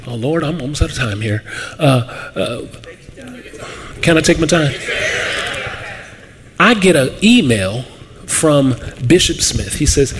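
Storytelling preacher, male, animated and voice-switching, slightly high pitch, faint noise. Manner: animated, acts out quoted voices, laughs often. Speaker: pastor. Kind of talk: sermon storytelling.

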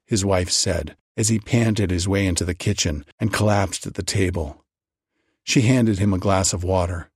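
A man narrating a storybook tale in an unhurried, expressive reading. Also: on the low side, breathy edge, dry recording, clean studio sound.

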